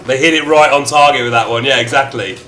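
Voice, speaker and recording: A man's voice: mid-range voice, fast talker, a bit bright, a little hiss or hum. A man streaming a strategy game, chatting playfully and reading event text aloud in shifting mock accents.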